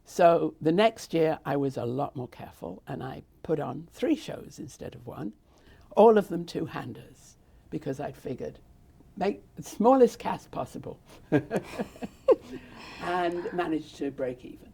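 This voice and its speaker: Older British woman, gravelly voice, mellow tone, rambling interview storytelling. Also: low-pitched, expressive, moderate pace. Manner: rambling, with frequent restarts and asides. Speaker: interviewee, theatre founder. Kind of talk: casual conversational storytelling.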